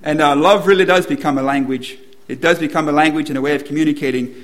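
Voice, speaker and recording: A man's voice: on the high side, quick pace. A man preaching a sermon to a room, asking the congregation questions and building to emphatic repetition.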